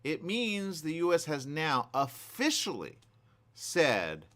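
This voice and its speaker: A male radio host delivers opinionated news commentary with a slightly high voice that swings widely in pitch. He talks emphatically and keeps hammering his points by repeating himself. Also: huge pitch swings, takes it slowly, a bit bright. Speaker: radio talk show host.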